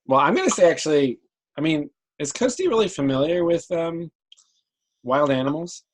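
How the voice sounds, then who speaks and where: A man running a tabletop game as game master, thinking aloud and pausing on many ums as he talks. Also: a little high, big pitch swings, slight background noise, rough recording.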